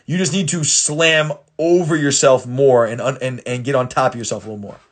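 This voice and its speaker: Man, football coach, husky voice, casual film breakdown, blunt, swears, repeats himself. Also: mid-range voice, fairly even intonation, fairly quick. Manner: blunt and profane, many restarts.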